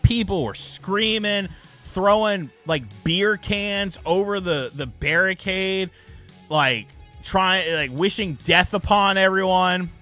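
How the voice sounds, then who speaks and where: A man's voice: sits high, slow pace, sharp tone, faint music behind. A young man hosting a casual live stream, telling stories loosely and swearing freely.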